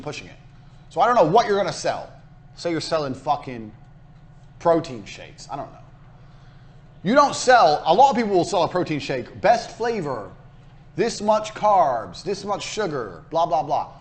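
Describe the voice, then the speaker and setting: Speaking at a normal pace, this man has a somewhat high, lilting voice. He's a course instructor delivering a recorded business lecture, brash and foul-mouthed with a hard sell, repeating himself to hammer each point in.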